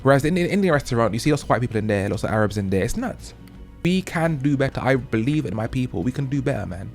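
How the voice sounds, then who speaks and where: A man from the UK hosting his own show, delivering an emphatic, preachy monologue that keeps checking in with "okay?" and jumps higher and louder on key points. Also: animated, quick pace, creaky, faint music behind. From United Kingdom. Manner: rising to loud high emphasis on key points. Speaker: host. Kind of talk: opinionated monologue.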